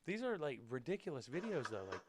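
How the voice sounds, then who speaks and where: Excitable man reacting to dash cam clips. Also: fairly high pitch, fast talker, noisy background. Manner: excitable, loud outbursts and swearing; drops to quiet muttering asides. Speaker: podcast host.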